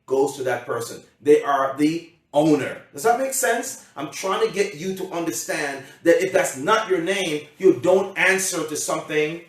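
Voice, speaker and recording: A man's voice: a little high, lively intonation, moderate pace, few pauses. A man giving an emphatic motivational seminar talk as a coach, often repeating himself and checking that his audience understands. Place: seminar room. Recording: heavy echo, from a distance.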